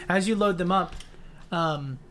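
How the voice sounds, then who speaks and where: A man runs a tabletop game and narrates in loose, rambling sentences. His voice sits a little higher than most men's, over a faint hiss. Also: measured pace, a bit bright. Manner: casual, many fillers and restarts. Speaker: game master.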